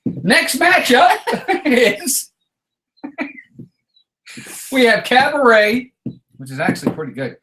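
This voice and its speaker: Male stream co-host, chatty, jokes often, lively delivery. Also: very high-pitched, takes it slowly, pauses often, slight background noise. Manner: jokey, greets viewers by name. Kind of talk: casual live stream chat.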